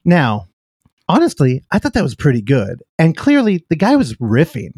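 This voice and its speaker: A man's voice: on the high side, huge pitch swings, moderate pace, a little mellow, breathy edge, no room sound. Chatty man on a dry studio mic. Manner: chatty, laughing, self-interrupting. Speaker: podcast host. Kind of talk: casual podcast chat about films.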